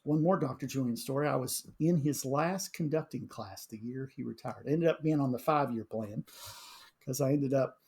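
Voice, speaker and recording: A middle-aged man, a high school band director, telling animated stories in casual conversation, full of fillers and restarts. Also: moderate pace.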